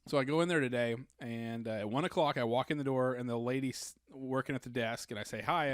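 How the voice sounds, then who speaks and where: A man on a casual podcast tells a long, meandering story and plays each person in it. His voice sits at an ordinary middle pitch, and it is recorded close and dry with no room sound. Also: no echo. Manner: rambling anecdotes, acts out the people he quotes. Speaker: podcast co-host.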